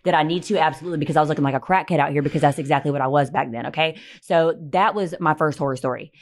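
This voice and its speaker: A young woman telling a personal story in casual, animated chat, swearing and acting out what people said. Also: sits low, rapid-fire. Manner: animated, swearing, acts out quotes. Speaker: podcast guest telling a story.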